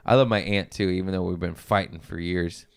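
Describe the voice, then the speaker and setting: Brief: man, lowish voice, smooth and clear, crude animated storyteller, dry studio sound. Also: brisk, no room sound. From Mexican-American family. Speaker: podcast guest. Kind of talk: casual podcast chat.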